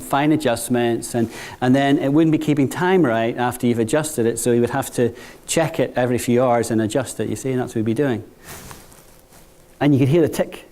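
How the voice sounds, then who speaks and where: A mid-range voice belongs to the middle-aged bank executive speaking to graduates. He keeps the business talk conversational, repeatedly saying "right?" and lowering his voice for anecdotes.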